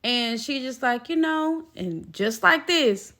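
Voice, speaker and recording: A woman's voice: on the high side, animated, slow pace, few pauses, bright, forceful tone. A woman telling a personal story to her viewers in a casual storytime vlog, emphatic and talking straight to them. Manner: emphatic, talks straight to viewers, acts out quoted voices.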